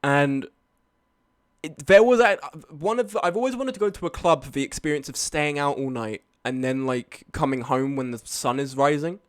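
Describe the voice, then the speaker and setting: A man's voice: on the high side, normal speed. A young man telling a rambling story to his stream chat, swearing and laughing along the way. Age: young adult. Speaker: live streamer.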